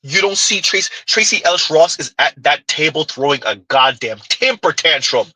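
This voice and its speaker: High, husky man ranting in commentary. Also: expressive, normal speed, bright, forceful tone, dry recording, rough recording. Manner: heated, mocking, full of rhetorical questions. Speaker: commentator reacting to a clip. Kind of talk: reaction commentary.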